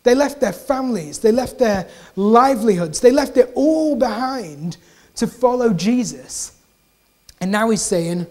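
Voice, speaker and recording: A preacher giving a conversational sermon, repeating key phrases for emphasis, with relaxed, chatty asides. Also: medium pitch, unhurried.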